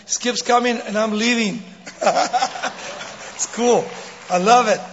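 A man in his sixties preaching as a guest speaker, telling a joke and then his life story, animated and laughing often. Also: extremely high pitch, slow, a little hiss or hum. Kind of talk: sermon with jokes and testimony. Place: church sanctuary. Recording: dull recording in a big reverberant hall.

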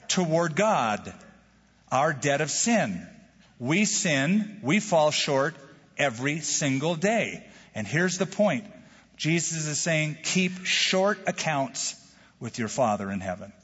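A man preaching a sermon as a pastor, animated, acting out quoted prayers with jokes. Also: on the high side, slow pace, slightly rough. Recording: dull lo-fi sound with hall reverb.

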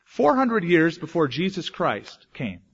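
A male pastor delivers a sermon in a somewhat raised voice, driving points home with emphasis and then dropping into hushed asides. The recording is dull and lo-fi. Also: on the high side, wildly swooping pitch, a little slow, slightly rough. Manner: emphatic, swings between loud declaration and hushed asides.

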